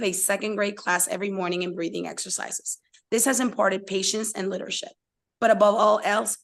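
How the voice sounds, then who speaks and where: Woman reading committee testimony as parent. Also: mid-range voice. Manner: emotional, steady reading.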